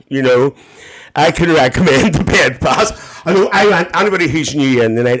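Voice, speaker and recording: A man's voice: medium pitch, a bit bright, close to an everyday voice. A man playing a bawdy, gossiping Northern Irish auntie on a live stream, chatting cheekily and calling everyone dear and love, into a phone mic. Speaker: TikTok live host. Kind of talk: live-stream comedy character chat.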